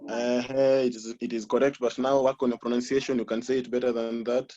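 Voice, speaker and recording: A man teaches a French class online in a medium-pitched, level, brisk and slightly mellow voice, patiently correcting students and repeating answers. The audio is muffled, as it comes through a video call.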